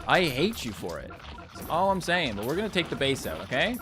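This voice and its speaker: A young man giving casual gameplay commentary to his viewers, chatty and animated, ranting playfully as he plays. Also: on the high side, fairly quick, music in the background. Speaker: gaming YouTuber.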